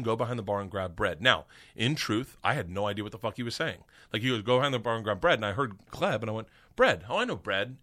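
A middle-aged man tells a rowdy story in casual conversation. His voice is bright and forceful, and he swears freely. He jumps up into high, squeaky voices whenever he quotes other people. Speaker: comedian guest.

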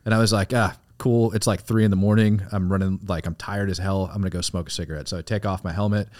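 A man's voice: lowish voice, little pitch movement, quick pace, a little mellow, no room sound, clean studio sound. A man co-hosting a casual podcast, rambling and profane, with lots of "like" and "you know". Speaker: podcast co-host, military veteran. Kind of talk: casual storytelling.

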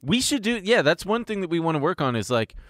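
A man's voice: fairly high pitch, very animated, quick pace, a bit bright, no room sound, clean studio sound. A man co-hosting a podcast in loose, profane, joking banter. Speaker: podcast co-host. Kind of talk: casual chat.

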